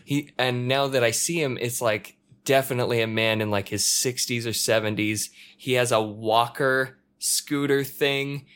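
A man chatting casually, telling a story with lively acted-out quotes and shouts. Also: mid-range voice, normal speed, hardly any pauses, smooth. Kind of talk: casual chat. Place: apartment in a multi-story building.

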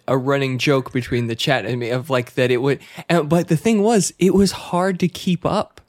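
A man with a Spanish accent telling a story in casual chat, animated and swearing freely, often breaking into laughter. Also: medium pitch, dry recording, clean studio sound.

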